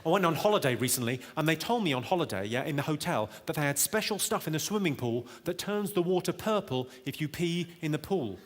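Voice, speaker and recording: A man's voice: a little high, lively intonation, fairly quick, few pauses. A man doing a stand-up comedy routine in a large theatre, with a wry, punchline-driven delivery that teases the crowd. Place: large theatre venue with a live audience. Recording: echoey hall, loud audience laughter.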